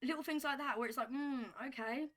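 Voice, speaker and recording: A woman telling a story to camera in a vlog, animated and emphatic, repeating herself as she builds a point. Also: high-pitched, fairly quick. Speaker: vlogger.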